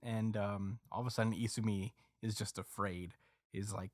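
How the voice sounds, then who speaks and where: Low-voiced guy rambling through a recap, lots of uhs, dry close mic. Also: steady tone, normal speed, no room sound. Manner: rambling, with many fillers and acted quotes. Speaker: podcast host recapping a manga chapter. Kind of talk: casual chat.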